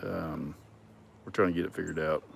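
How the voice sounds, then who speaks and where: Man, somewhat low voice, casual livestream chat, rambling with lots of ums, dry sarcastic streak. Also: steady tone, moderate pace, vocal fry, slight background noise. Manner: rambling, many ums and restarts. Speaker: livestream host answering viewer comments.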